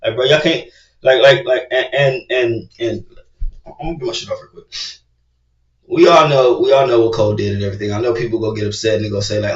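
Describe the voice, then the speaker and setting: A man hosting a casual reaction video, talking loosely and cursing, repeating "bro, come on" as he gets excited. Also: mid-range voice, quick pace, far from the mic. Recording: roomy, dull sound from away from the mic.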